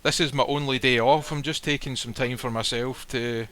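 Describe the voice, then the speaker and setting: Storytelling man, bright forceful tone, blunt and profane. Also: medium pitch, steady tone, moderate pace. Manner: blunt, swears freely, acts out quoted lines. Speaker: guest telling a personal story. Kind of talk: casual storytelling. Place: live stream recording.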